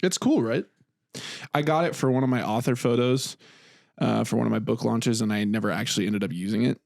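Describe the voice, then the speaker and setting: A young man talks on a podcast in a mid-range voice, animated and laughing easily. The sound is dry and close, with no room around it. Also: mid-range voice, fairly quick, gravelly, dry recording. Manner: animated, laughing, acts out whispered bits. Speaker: podcast co-host. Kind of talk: casual chat.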